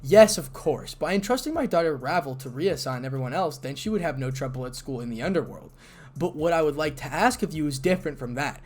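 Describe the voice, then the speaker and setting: A man's voice: fairly high pitch, animated. A man voicing a gracious noble devil mother. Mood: polite, formal. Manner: formal, polite, measured. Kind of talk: fan audiobook reading.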